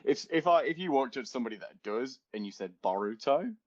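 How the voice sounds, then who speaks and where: A man's voice: medium pitch, lively intonation, fast. A young man co-hosting a casual podcast, chatty and rambling, often laughing. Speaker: podcast co-host. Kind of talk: casual chat. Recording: dull lo-fi home podcast recording.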